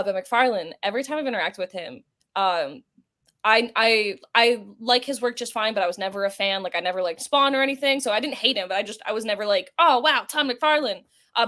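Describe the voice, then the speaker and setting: Fast-talking woman podcast guest. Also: medium pitch, bright, forceful tone. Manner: chatty, rambling storyteller with many fillers. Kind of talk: casual interview chat.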